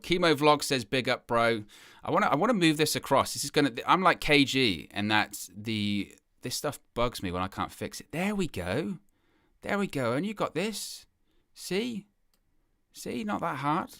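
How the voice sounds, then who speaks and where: A man's voice: medium pitch, bright, forceful tone, dry recording, studio quality. A young man hosting a football fan live stream, chatting casually in a rambling, self-deprecating way and often repeating himself.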